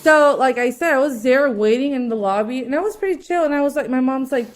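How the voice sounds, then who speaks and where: Podcast host, young woman, higher voice, swearing, rambling and laughing through her stories. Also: fairly quick. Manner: profane, rambling, laughing storyteller. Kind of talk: casual storytelling chat.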